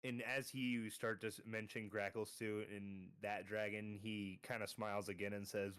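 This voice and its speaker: A man narrating a tabletop game as game master, calm and descriptive. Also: on the low side, normal speed, hardly any pauses, clear, resonant tone, no echo.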